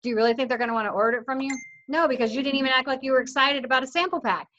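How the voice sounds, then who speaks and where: A fairly high-voiced woman coaches her sales team over a video call, upbeat and insistent. She slips into lively quoted voices as she goes. The audio is dull and lo-fi. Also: rapid-fire. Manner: upbeat, insistent, animated quoting of others. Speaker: team leader coaching affiliates.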